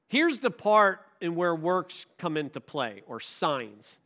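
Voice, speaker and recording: Animated preaching man, bright voice. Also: on the high side, slow pace, few pauses. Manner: emphatic preaching, rhetorical questions. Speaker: pastor. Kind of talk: sermon.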